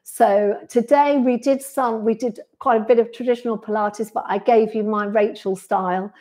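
A woman, speaking in a slightly higher register. She runs a relaxed live chat after a pilates class and responds warmly to each viewer comment. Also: normal speed. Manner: friendly, reads out viewer comments and replies to each. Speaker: pilates instructor. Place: sunny room indoors.

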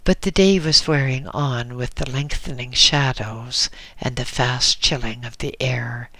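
A man narrating a book in a slow, measured reading. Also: medium pitch, fairly bright tone, no echo. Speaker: audiobook narrator. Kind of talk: scripted narration.

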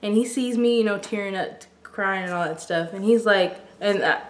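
A woman's voice: mid-range voice, normal speed, reverberant. A young woman telling a story-time vlog, dramatic and breathless, with "like" all over her speech. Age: young adult. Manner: breathless and dramatic, heavy use of "like". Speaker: vlogger.

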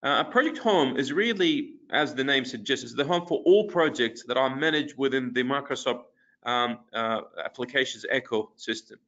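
A man presenting a webinar, walking through a software demo in a casual way, with lots of fillers and restarts. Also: medium pitch, moderate pace. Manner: casual, many fillers and restarts while clicking through screens. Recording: dull lo-fi webinar audio.

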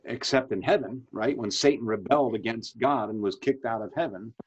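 A man's voice: mid-range voice, brisk, breathy edge. A man in his fifties, a pastor leading a Bible study discussion over a video call, talking conversationally, asking questions and often restarting his sentences. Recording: dull lo-fi video call audio.

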